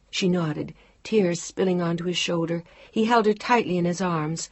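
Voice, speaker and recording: A woman narrating an audiobook romance in a measured, emotive storytelling manner. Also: fairly low pitch, a little mellow, no room sound. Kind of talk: scripted narration.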